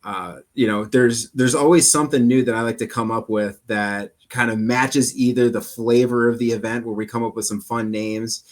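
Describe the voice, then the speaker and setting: Man, golf tour director, earnest, rambling, casual chat. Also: medium pitch. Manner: earnest, rambling with many fillers.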